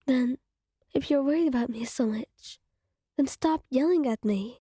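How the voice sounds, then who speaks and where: A sensitive partner pleads softly in a whispered role-play, as a woman voices them. The voice is breathy and unhurried, with a fairly high, mellow tone. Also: no room sound, clean studio sound. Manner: pleading, soft.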